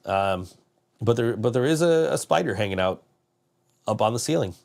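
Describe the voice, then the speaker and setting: A man's voice: medium pitch, animated, normal speed, creaky, long pauses, a little mellow. A man hosting a podcast, telling a rambling story in casual chat, laughing often and swearing freely. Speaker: podcast host.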